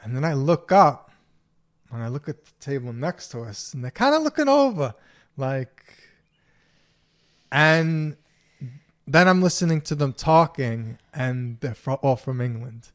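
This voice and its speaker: A man's voice: medium pitch, animated, a little slow, long pauses, a bit bright. A man co-hosting a casual podcast with his wife. He rambles through his stories, laughing often along the way. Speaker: podcast co-host. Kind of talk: casual chat.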